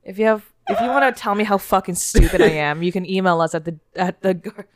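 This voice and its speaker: A woman's voice: mid-range voice, fast. A woman co-hosting a casual podcast, chiming in with short replies and quips. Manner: chimes in with short backchannel replies. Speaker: podcast co-host. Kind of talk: casual chat.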